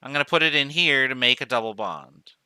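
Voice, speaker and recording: Brisk and forceful, a male chemistry professor lectures on a recording in a medium-pitched voice that is bright and clean in tone. He voices each step aloud, counting dots and correcting himself as he proceeds. There is no echo.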